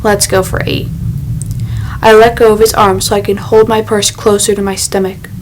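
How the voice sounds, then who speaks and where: A woman's voice: mid-range voice, level tone, moderate pace, a little hiss or hum, low-quality recording. Woman reading a first-person audiobook. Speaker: audiobook narrator. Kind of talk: first-person scripted narration.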